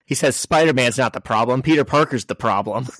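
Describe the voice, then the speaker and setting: Man, mid pitch, podcast sidekick; short deadpan interjections, dry close sound. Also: brisk, dry recording. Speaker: podcast co-host. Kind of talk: casual chat.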